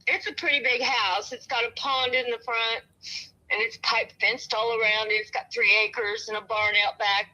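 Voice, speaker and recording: A woman's voice: a little high, fairly even intonation, normal speed, poor audio. A woman in her fifties selling a house over the phone, chilled and shivering, rambling from one thing to the next with many restarts. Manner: rambling, meandering, with many restarts and soft laughs. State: cold and shivering. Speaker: home seller on a phone call.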